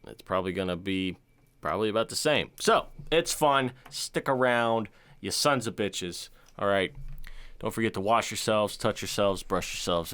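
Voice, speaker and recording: A man's voice: deep voice, a bit bright, clean tone. A man co-hosting a podcast, talking in blunt, profane banter. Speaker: podcast co-host. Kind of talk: casual chat.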